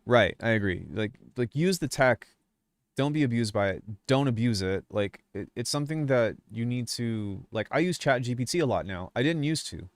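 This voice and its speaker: A young man, a music producer YouTuber, rants casually on his channel during a livestream, swearing a lot and rambling through restarts as he gets fired up. His voice is mid-range with lively intonation and a moderate pace. The sound is clean studio quality with no room sound.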